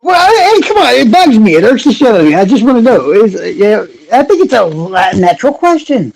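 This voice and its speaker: Guy streaming, rambly and sarcastic, lots of cursing, pretty high voice, dry close mic. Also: sing-song, fairly quick, vocal fry, no room sound, poor audio. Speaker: true crime streamer. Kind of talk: casual live-stream chat with viewers.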